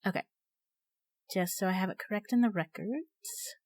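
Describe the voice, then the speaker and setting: A woman's voice: medium pitch, normal speed, darkish tone. A woman playing a tabletop game, chatty and upbeat. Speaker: player. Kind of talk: tabletop role-play chat.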